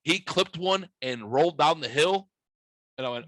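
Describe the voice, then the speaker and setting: A man telling a story on a casual podcast, bright and forceful in tone and pitched a little high. He swears a lot and acts out his own yelling as he goes. The sound is dry and close to the mic. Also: expressive, moderate pace, no echo. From United States. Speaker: podcast host.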